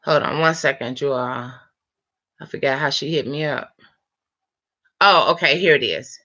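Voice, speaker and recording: A woman of about fifty chatting late at night, telling a long story time in an animated, rambling way with lots of fillers. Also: extremely low pitch, moderate pace, dull audio. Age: 50s. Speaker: vlogger.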